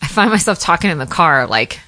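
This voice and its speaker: A woman from the US Northeast hosting a podcast, telling stories in fast, animated casual chat. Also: sits low. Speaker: podcast host.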